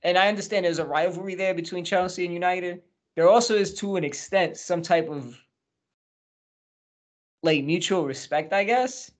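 A man's voice: high-pitched, moderate pace. A man co-hosting a podcast, rambling and joking about football with plenty of swearing. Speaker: podcast co-host. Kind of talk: casual chat about football.

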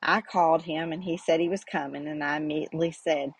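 Husky-voiced woman telling a faith story. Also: sits low, brisk, hardly any pauses. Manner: earnest, faith-centered, animated storytelling. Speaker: podcast host. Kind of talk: personal storytelling monologue.

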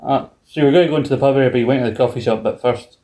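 A man's voice: mid-range voice, rapid-fire, dark tone. A Scottish man in casual chat, teasing his friend with wry remarks.

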